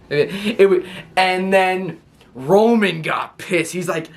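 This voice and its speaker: A young man with a notably high-pitched voice recaps a wrestling broadcast to his viewers. He rambles excitedly, laughs often and keeps restarting his sentences as he goes. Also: takes it slowly. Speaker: wrestling show reviewer. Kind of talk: excited casual recap to camera.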